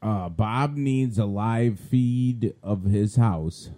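Slow, low-voiced deadpan man. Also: no room sound. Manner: dry, deadpan reactions. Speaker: podcast co-host. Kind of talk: casual comedic chat.

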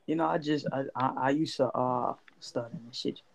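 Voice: mid-range voice, moderate pace, gravelly. A speaker chatting casually during a game, playful and laughing often. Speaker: gamer. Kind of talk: casual chat while playing.

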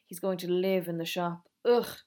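A woman reading aloud, voicing a shy schoolgirl who speaks hesitantly and a little gruffly. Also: lowish voice, fairly even intonation, normal speed, dark tone, natural voice.

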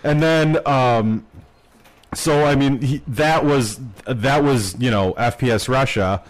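A man's voice: mid-range voice, slow, poor audio. A man co-hosting a podcast, telling a story in a rambling, casual way with lots of fillers and swearing. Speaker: podcast co-host. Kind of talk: casual chat.

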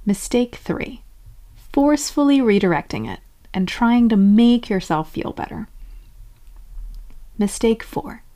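Animated woman explaining self-help ideas. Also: fairly high pitch, unhurried, pauses often. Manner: acts out inner-voice examples in lively quoted asides. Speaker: self-help podcast host. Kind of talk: scripted explainer narration.

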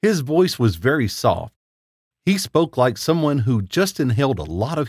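A man's voice: mid-range voice, very animated, normal speed, darkish tone, dry recording. Man narrating horror in a dry voice. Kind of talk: first-person horror story reading.

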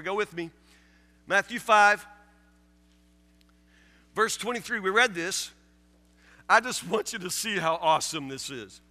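A male pastor preaches a sermon in an extremely high-pitched, pushed, bright voice, and a long reverb tail follows his words. He is emphatic, repeating key phrases and acting out his listeners' objections.

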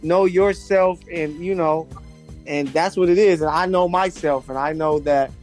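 A man's voice: fairly high pitch, fairly even intonation, moderate pace, darkish tone, faint music behind. A man hosting a casual chat podcast, talking in a laid-back, slangy way with friends. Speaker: podcast host.

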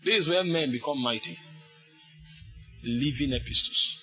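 A man preaching a fervent sermon, repeating phrases and breaking into shouts. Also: medium pitch, unhurried, vocal fry, husky, faint music behind. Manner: fervent, repetitive, bursts into shouts.

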